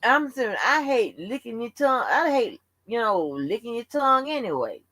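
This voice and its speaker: A woman's voice: fairly high pitch, very animated, moderate pace, a bit bright, no echo. A woman hosting a livestream open forum, telling stories in a blunt, profane, casual rant. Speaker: livestream host.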